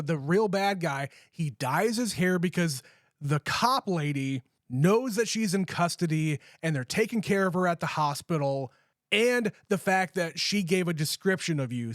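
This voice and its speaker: A man co-hosting a podcast, retelling movie scenes in animated, casual talk with swearing. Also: high voice, measured pace, no echo, studio quality. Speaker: podcast co-host. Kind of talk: casual movie review chat.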